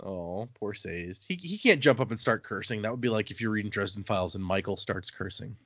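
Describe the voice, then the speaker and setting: A man's voice: lowish voice, lively intonation, brisk, a bit bright, dry recording. A man co-hosting a book podcast, casually recapping chapters and acting out characters' lines. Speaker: podcast co-host. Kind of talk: casual book-club chat. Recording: dull, dry home podcast mic.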